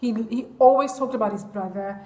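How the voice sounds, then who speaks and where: A woman with a high voice tells a story to her vlog audience in a chatty, confiding way. She fills it with ums and "I'm like". The room has a noticeable echo. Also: a little fast, a little mellow. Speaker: vlogger.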